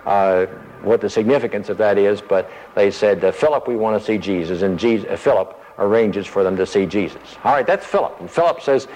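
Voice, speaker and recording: A man's voice: lowish voice, a little fast, darkish tone, long reverb tail, a little hiss or hum, rough recording. A man giving a conversational Bible teaching, thinking aloud as he explains the passage and acting out the quoted lines.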